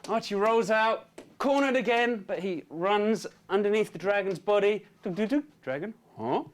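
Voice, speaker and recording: A man narrating a storyboard pitch, lively and full of sound effects. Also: normal speed. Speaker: story artist.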